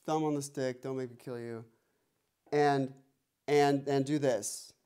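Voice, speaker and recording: A man's voice: medium pitch, steady tone, a little slow, mellow, clear, resonant tone. A man teaching a one-on-one drum lesson, playful and teasing, counting beats aloud. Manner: playful, teasing, mock-threatening. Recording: noisy room with drum clicks.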